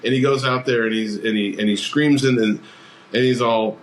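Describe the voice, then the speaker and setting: A man co-hosts a casual podcast about films, talking at a middle pitch as he walks through scenes. He slips into quick impressions of the characters. A faint hiss of noise sits behind him. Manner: animated retelling, acting out movie quotes. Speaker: podcast co-host. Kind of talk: casual movie chat.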